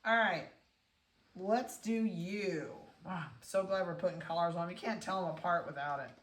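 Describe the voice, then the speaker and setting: Woman dog breeder, chatty, coos and laughs, lowish voice, echoey room, distant from the mic. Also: normal speed. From central Ohio, USA. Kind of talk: casual talk while handling puppies.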